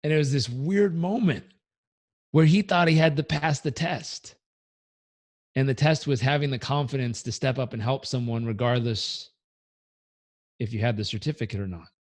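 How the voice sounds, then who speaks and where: This motivational coach speaks in a mid-range voice at normal speed, leaving long pauses. During an interview he tells a story conversationally, animatedly performing the different characters.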